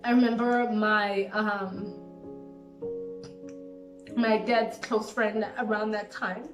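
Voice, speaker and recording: A woman's voice: medium pitch, flat delivery, slow pace. A woman in her late twenties telling a painful personal story, reflective and grieving, with lots of "like". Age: late 20s. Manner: reflective, heavy use of "like", grieving. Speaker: vlogger. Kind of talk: emotional storytime monologue. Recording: roomy sound from a distant mic with background music.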